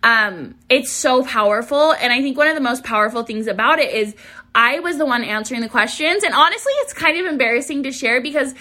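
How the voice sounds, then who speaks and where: Bright-voiced, bubbly young woman podcast host. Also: sits high, a little fast. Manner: bubbly, lively inflection. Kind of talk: casual solo podcast intro.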